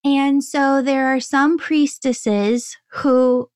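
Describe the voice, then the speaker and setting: A woman guest on a podcast interview, a spiritual teacher speaking in a slow, earnest, preaching way. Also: high-pitched, steady tone, darkish tone, no room sound.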